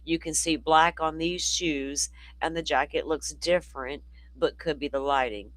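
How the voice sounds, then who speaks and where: A man's voice: fairly high pitch, unhurried, a bit bright, dry recording, rough recording. Tired, chatty man livestreaming. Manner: chatty, rambling, talks to chat. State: tired voice from talking all day. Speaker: livestream host. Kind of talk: casual live commentary.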